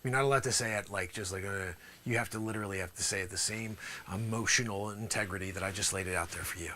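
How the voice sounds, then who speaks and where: A man's voice: fairly low pitch, fairly even intonation, fast, pushed and bright, slight background noise. A man performing as a trial lawyer in a comedic mock courtroom sketch, theatrical and jokey, sometimes dropping to a whisper.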